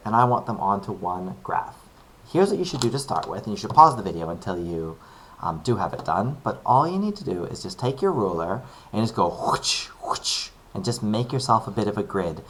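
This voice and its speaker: A man's voice: lowish voice, fairly bright tone, low-quality recording. Male maths teacher for a video lesson, bouncy sing-song delivery, friendly slangy banter with pupils. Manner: upbeat and chummy, keeps calling pupils "buddies"; casual, slangy explaining.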